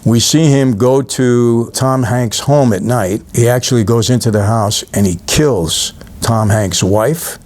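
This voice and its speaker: A man's voice: mid-range voice, a little slow, few pauses, darkish tone. A middle-aged New York man talks straight to camera, walking his viewers through a film scene by scene. His delivery is easy and conversational, with a storyteller's habit of stopping to speak to the audience directly. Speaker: channel host reviewing a film. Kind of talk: casual talk-to-camera film recap.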